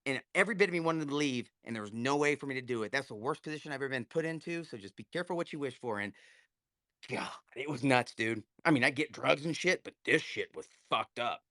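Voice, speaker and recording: A man's voice: mid-range voice, expressive, quick pace, sharp tone, no room sound. A man telling a heated, profanity-laced story in casual live audio chat over an online call. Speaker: guest speaker.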